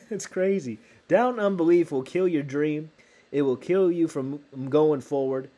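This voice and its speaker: Emphatic male preacher, mellow tone. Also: fairly high pitch, a little slow. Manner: emphatic, repeats phrases for stress. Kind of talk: sermon.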